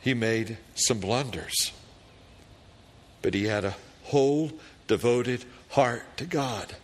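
A middle-aged man preaching in a church, speaking in a slow, measured cadence at an ordinary pitch. He lifts into fervent, louder scripture reading and settles back into quiet storytelling. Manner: slow, deliberate preaching that rises to fervent loud prayer readings. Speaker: pastor. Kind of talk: sermon.

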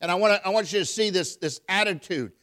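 Speaking fast in a high, fairly bright voice, a man preaches a sermon. He reads scripture aloud in King James wording and calls out emphatically to his congregation.

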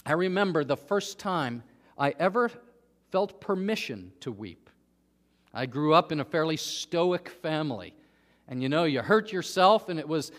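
A man preaching a sermon, earnest, dropping to a hush and then rising to emphatic peaks. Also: high-pitched, animated, measured pace. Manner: earnest, swings from hushed to emphatic. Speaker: pastor. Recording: long hall reverb.

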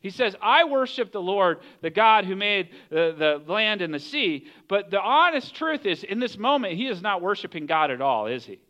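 Animated high-voiced male pastor preaching. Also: muffled recording. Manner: animated storytelling, acts out voices of characters. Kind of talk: sermon.

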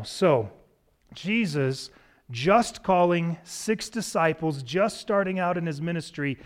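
A man preaching a sermon as pastor in a church sanctuary, relaxed and cracking light jokes to the congregation. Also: a little high. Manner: relaxed, joking asides to the congregation.

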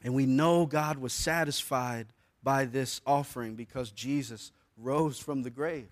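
A man preaching a sermon to a church congregation in a conversational way, using casual slang and swinging between soft and loud passages. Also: medium pitch, unhurried. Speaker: pastor. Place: church service before a congregation.

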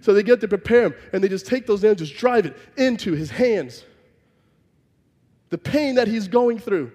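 High-voiced man preaching in a reverberant hall. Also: expressive, moderate pace, a little mellow. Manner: vivid, emphatic storytelling that acts out scenes. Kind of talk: sermon. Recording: long reverb from a large hall.

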